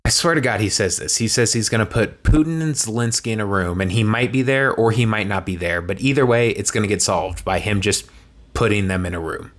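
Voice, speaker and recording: Guy doing a fast sarcastic commentary rant, kinda low voice, deadpan asides. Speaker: political commentary creator.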